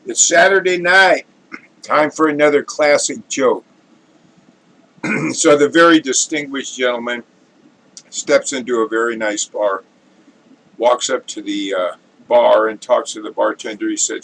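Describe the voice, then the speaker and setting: Unhurried man telling a joke. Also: medium pitch, low-quality recording. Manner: relaxed, unhurried, folksy. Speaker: storyteller host.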